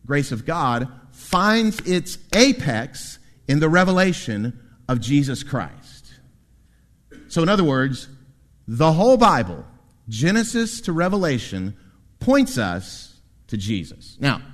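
This sermon comes from a lively male preacher whose voice is mid-range. Speaking in a church sanctuary with long echoing reverb, he throws in asides to the people listening.

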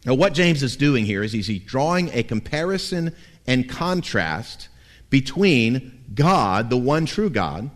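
Animated man preaching a sermon. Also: medium pitch, measured pace. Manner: animated preaching with wry humor. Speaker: pastor.

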